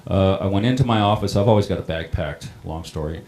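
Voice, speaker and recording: A middle-aged man who runs a town water system recounts a personal story in a plain-spoken, halting way. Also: deep voice, darkish tone, slight background noise. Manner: plain-spoken, halting, many ums and restarts. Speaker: water district operator on a panel.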